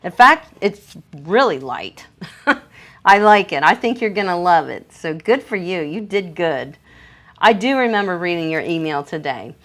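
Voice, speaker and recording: Excitable woman groomer chatting on a livestream. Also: lowish voice, measured pace. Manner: excitable and gushing, laughs often. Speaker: professional dog groomer hosting a live stream. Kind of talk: casual live-stream chat, reading viewer comments.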